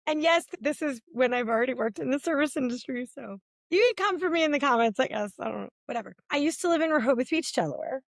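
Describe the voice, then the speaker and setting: A woman in her forties, co-hosting a podcast, telling lively stories in a casual chat. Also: quick pace, no room sound. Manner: animated storytelling, swings between high and low. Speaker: podcast co-host.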